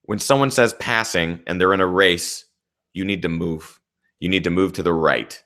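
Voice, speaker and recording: A young man with a notably low, deep voice tells a race story with animated energy. His recap is casual and loose, and he swears without holding back. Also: moderate pace. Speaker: trail runner and channel host.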